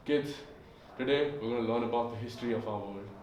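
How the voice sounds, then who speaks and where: Casting: young man voicing a reverent teacher lady, quiet and low, distant echoey room. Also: fast, a little hiss or hum, natural voice. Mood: solemn. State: sick. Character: solemn future schoolteacher, woman. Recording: echoey room heard from far off.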